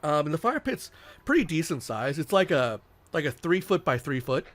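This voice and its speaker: A man's voice: on the high side, big pitch swings, moderate pace, a bit bright. A man narrating as game master of a tabletop game, rambling and full of fillers.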